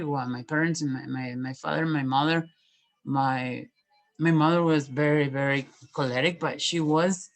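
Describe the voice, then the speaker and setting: Halting, soft-spoken man reflecting. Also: on the high side, rough recording. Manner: halting, many restarts and pauses. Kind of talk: personal reflective monologue.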